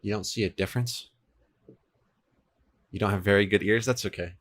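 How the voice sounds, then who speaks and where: He's in his twenties, streaming casually as he codes a game server and fielding viewers' chat in a laid-back, talkative way. The voice is fairly low, steady, and a bit bright at normal speed. An air conditioner runs in his home room, and he shifts between two desk microphones.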